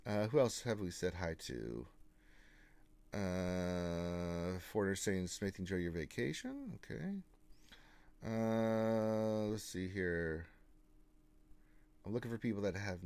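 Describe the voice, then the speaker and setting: Brief: male stream co-host, playful and teasing, swings his pitch a lot. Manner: playful, teasing, drawn-out flat refusals. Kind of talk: casual live-stream chat, reading viewer messages.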